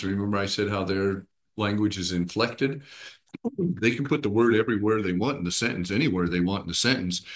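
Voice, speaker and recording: A man with a fairly low voice leads a small Bible study group. He explains things step by step and keeps checking that his listeners are following. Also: fairly bright tone.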